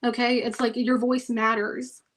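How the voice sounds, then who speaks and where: A woman's voice: on the high side, level tone, unhurried, rough recording. A woman doing a tarot reading for her viewers, chatty and emphatic, often checking in with "okay" and "y'all". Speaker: tarot reader.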